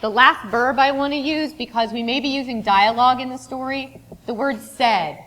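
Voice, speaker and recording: A woman's voice: fairly high pitch, fairly bright tone. A woman teaching a workshop in a classroom, encouraging and often praising answers, sometimes reeling off long word lists. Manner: lists words rapidly. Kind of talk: interactive classroom lesson. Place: classroom with a board.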